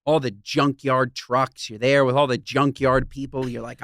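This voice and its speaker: A man's voice: mid-range voice, moderate pace, no echo, studio quality. A man co-hosting a podcast, ranting in a joking, profane way in casual chat. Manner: animated ranting, profane, jokey. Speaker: podcast co-host.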